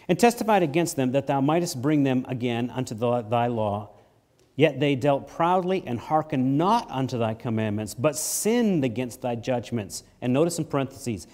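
A middle-aged man delivers a sermon in an expressive preaching manner. He reads scripture with rising force and lowers his voice for the asides. His voice sits at an ordinary middle pitch. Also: normal speed. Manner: expressive preaching, rises loud on scripture readings, drops low on asides. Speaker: pastor.

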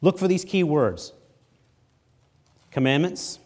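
A middle-aged man preaching a sermon, reading scripture aloud with swelling emphasis and dropping low for asides. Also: lively intonation, takes it slowly, darkish tone. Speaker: pastor.

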